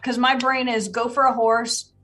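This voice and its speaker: Female player, higher pitch, rambling self-corrections. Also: level tone, normal speed, fairly bright tone, recorded from a distance. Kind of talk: casual tabletop play.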